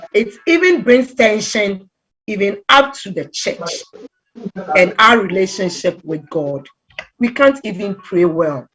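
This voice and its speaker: A middle-aged woman from Ghana giving a conversational talk on relationships, telling stories with lively acted-out quotes. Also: medium pitch. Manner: animated storytelling, acts out quoted voices. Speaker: relationship talk guest speaker.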